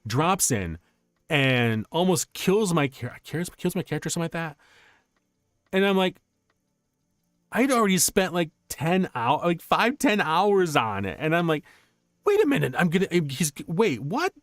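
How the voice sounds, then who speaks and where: A young man streaming casual chat, telling stories in an animated, rambling way with many restarts. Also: fairly high pitch, a little slow, no echo, studio quality.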